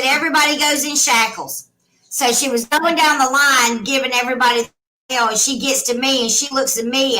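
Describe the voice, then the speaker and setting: A woman's voice: a little high, pushed and bright, poor audio. A woman telling a personal story in casual chat, blunt, swearing freely and emotional.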